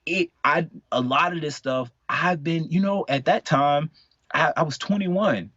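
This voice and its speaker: A man's voice: fairly high pitch, measured pace, no echo. A man in his late twenties chatting casually on a podcast, telling a personal story in a candid, rambling way. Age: late 20s. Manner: candid, rambling, lively storyteller with many fillers. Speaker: podcast co-host. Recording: dull, dry podcast audio.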